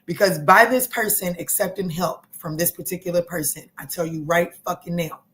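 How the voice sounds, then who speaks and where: A slightly low-voiced woman reads tarot cards live for her viewers. She talks in a loose, casual way, gets worked up, swears freely and says the same phrase over and over for emphasis. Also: moderate pace, fairly bright tone. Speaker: tarot reader hosting a live stream.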